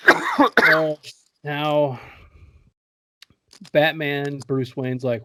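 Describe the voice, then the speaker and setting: A man talks through a movie's plot in a loose, joking podcast recap, swearing freely and breaking into laughter. His voice sits at an ordinary middle pitch. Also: measured pace. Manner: joking, profane, laughs often. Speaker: podcast host.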